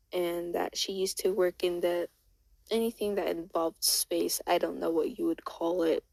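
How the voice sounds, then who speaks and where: A woman's voice: on the low side, creaky, darkish tone, no echo, poor audio. A woman casually retelling a story in a rambling way, full of restarts and "and then she was like".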